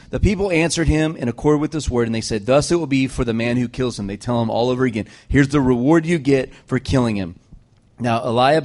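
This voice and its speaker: A man preaching to a congregation, retelling a scripture story with lively joking asides. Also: medium pitch.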